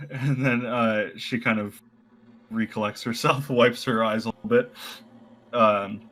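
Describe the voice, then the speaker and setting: A man playing in a tabletop role-playing game, describing his character's actions in a relaxed, halting way. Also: medium pitch, rough recording. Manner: relaxed, halting, full of fillers and laughs. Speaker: player. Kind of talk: tabletop role-play narration.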